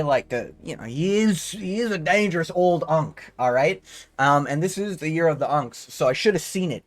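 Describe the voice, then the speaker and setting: A young man giving a casual, profane, slang-heavy fight breakdown. He rambles and keeps tagging his points with "okay?". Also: on the high side. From Canada. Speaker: MMA fight analyst.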